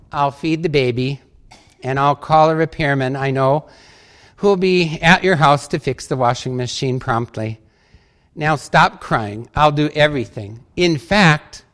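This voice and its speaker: A man's voice: a little high, fairly bright tone. A man voicing a kindly mother who soothes and reassures her upset daughter on the phone, in a joke told in a sermon.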